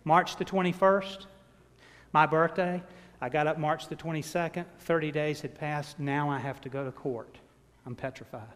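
A man's voice: a little high, steady tone, moderate pace, fairly bright tone. A man, preaching a sermon in a church and telling a personal story with self-deprecating humor. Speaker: pastor. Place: church sanctuary. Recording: long reverb of a large hall.

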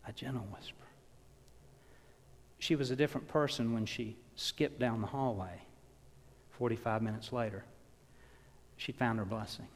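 A man delivering a sermon, telling stories and swinging from loud emphasis down to hushed words. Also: mid-range voice, fairly even intonation, normal speed. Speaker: pastor. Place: church. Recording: long reverb of a church hall.

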